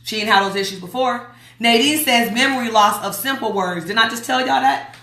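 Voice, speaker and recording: A woman's voice: fairly high pitch, fairly quick, pushed and bright, reverberant. A woman from Las Vegas hosting a livestream, reading viewer comments aloud in a blunt, emphatic way and repeating her warnings. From Las Vegas, USA. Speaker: host.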